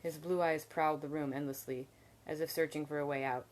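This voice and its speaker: A woman reading a fantasy novel aloud on a live stream, measured and even, with occasional slips and restarts. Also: low voice. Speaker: reader.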